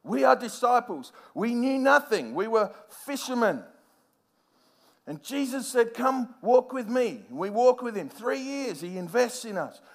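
A man with a very high-pitched voice preaches a sermon. He speaks in an animated way, builds up to emphatic points, and acts out the scenes with a playful touch. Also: a little slow.

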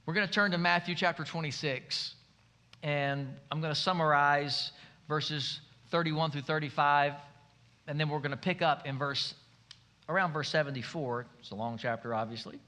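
A man preaching a sermon in a church, telling the story in a folksy, joking way. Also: moderate pace. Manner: folksy, humorous storytelling with lively swings in pitch. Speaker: pastor.

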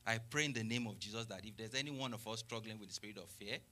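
A male preacher with a lowish voice that has a bright, forceful edge. He moves between reading scripture and explaining it to his congregation. He asks rhetorical questions and breaks in with exclamations of praise. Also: fast talker.

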